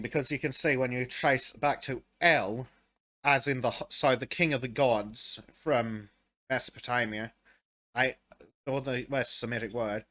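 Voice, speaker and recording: A man hosting a podcast, chatting in an excitable way with stumbling restarts. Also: mid-range voice. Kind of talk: casual chat.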